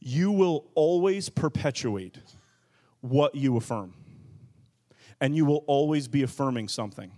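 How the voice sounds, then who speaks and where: A man preaching a sermon in a lively, joking and emphatic way, leaning hard on key words. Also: mid-range voice, a little slow, pauses often. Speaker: pastor.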